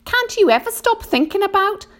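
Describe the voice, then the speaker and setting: Woman voicing an earthworm, gloomy, exasperated, very high and shrill, storybook reading. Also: big pitch swings, moderate pace, fairly bright tone, heavily acted.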